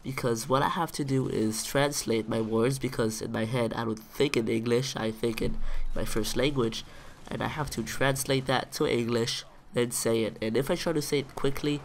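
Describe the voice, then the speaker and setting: Nasal Israeli-accented man, slow. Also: medium pitch, fairly even intonation, a little hiss or hum. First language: Hebrew. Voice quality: nasal, congested-sounding. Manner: slow and deliberate, pausing to find English words. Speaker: gaming video commentator. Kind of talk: casual talk to camera.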